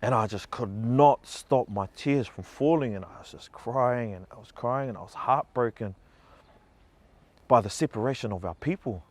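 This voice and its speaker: A man's voice: mid-range voice, normal speed, dry recording. A man giving an emotional personal testimony, earnest and heartfelt, growing passionate. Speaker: speaker telling a story.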